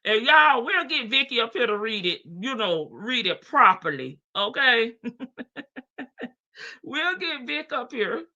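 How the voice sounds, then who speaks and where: A woman's voice: a little high, sing-song, unhurried, pushed and bright. Laughing woman live-streaming to her chat. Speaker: livestream host. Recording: dull lo-fi stream audio.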